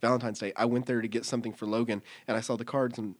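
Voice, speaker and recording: Animated laughing male podcast host. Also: medium pitch, racing. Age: 30s. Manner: animated storyteller, acts out voices, laughs often. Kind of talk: casual chat.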